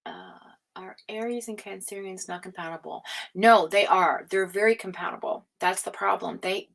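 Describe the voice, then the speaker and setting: A woman hosting a live tarot stream, chatting casually, reading out viewer comments, laughing often and slipping into hushed asides. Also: mid-range voice, moderate pace, vocal fry.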